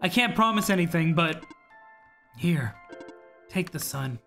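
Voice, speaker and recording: A gamer voicing a frightened, hesitant machine entity from a video game in a low, subdued way. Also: lively intonation, a little slow, fairly bright tone, faint music behind. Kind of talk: reading game dialogue aloud.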